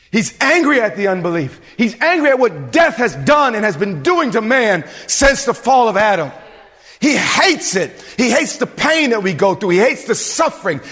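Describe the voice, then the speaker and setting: A male pastor preaching a sermon in an animated way, repeating fillers as he speaks. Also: sits high, husky. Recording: reverberant hall.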